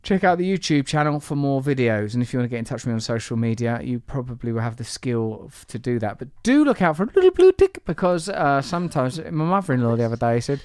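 A man's voice: mid-range voice, fast talker, few pauses, a little mellow, clean tone, no echo, clean studio sound. Cheeky male podcast host. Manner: cheeky, teasing, rambling asides. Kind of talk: playful podcast intro and banter.

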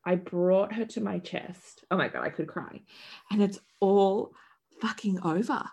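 A woman's voice: mid-range voice, a little slow, a little mellow, slightly rough. A woman in her thirties, a podcast guest, telling her story in a vivid, dramatic way with swearing and acted-out quotes. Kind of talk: candid storytelling chat.

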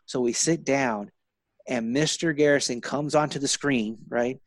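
A man telling stories in a loose, casual chat. He is profane and animated and keeps jumping into other people's voices. The room sounds dry and close. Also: mid-range voice, unhurried, dry recording. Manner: profane, animated, acts out quotes.

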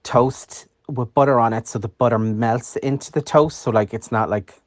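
A man's voice: medium pitch, steady tone, normal speed, no room sound. An Irish man leaving a chatty, sweary voice message in mock outrage. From Ireland.

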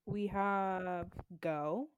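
A woman guest on a casual podcast who reads out a ranked list in a loud, giggly way. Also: medium pitch, fairly even intonation, extremely slow, highs cut off, a little hiss or hum. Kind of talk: casual chat.

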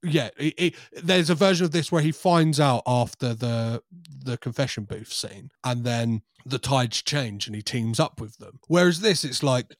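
A man's voice: medium pitch, animated, moderate pace, hardly any pauses, no echo, clean studio sound. A man co-hosting a casual film podcast, wry and amused, swearing with a laugh in his voice. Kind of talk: casual film-review chat.

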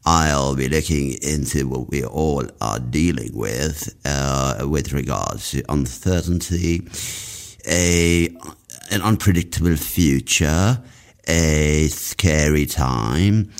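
A man's voice: extremely low pitch, creaky. A young man who hosts a podcast as a comedian, talking in a dry, rambling, self-mocking monologue. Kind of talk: casual comic monologue.

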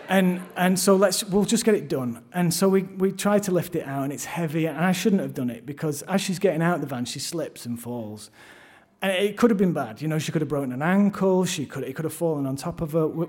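On a theatre stage, a middle-aged man from London recounts his own story live in a brisk, fairly high-pitched voice with a darkish tone. He's wry and self-mocking, often starting his sentences over.

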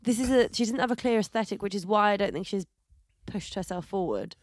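A woman co-hosting a podcast, chatting in an animated, gossipy way, swearing and laughing often into a handheld mic. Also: mid-range voice, a little fast, dry recording, clean studio sound. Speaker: podcast co-host. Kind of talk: casual chat.

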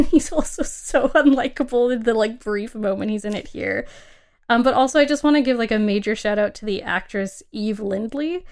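Chatty woman podcast host with gravelly edges. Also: fairly high pitch, normal speed. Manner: chatty, laughs often, emphatic. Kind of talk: casual film podcast chat.

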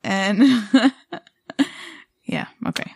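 A woman's voice: medium pitch, animated, very slow, gravelly, breathy edge, no room sound. Woman co-hosting a podcast, rambly casual storytelling, lots of likes and ums, dry close sound. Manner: rambling, many fillers and restarts. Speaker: podcast co-host.

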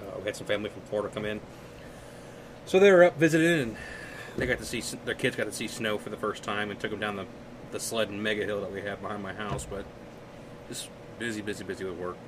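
A man's voice: fairly low pitch, fairly even intonation, fast talker. A man co-hosting a podcast, trading crude jokes in casual chat. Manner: joking, crude banter. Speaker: podcast co-host. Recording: noisy hissing recording.

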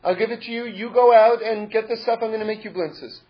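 A man voicing a patient, practical poor wife who reassures her husband briskly. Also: high voice, fairly even intonation, lo-fi sound, natural voice. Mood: reassuring.

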